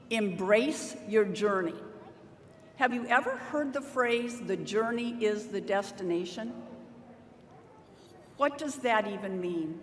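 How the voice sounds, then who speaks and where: A middle-aged woman, a university staff member, giving a motivational commencement address from a podium microphone and drawing cheers from the audience. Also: medium pitch. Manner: deliberate, motivational, rallies the crowd for call-and-response cheers. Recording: roomy hall with long reverb, faint noise.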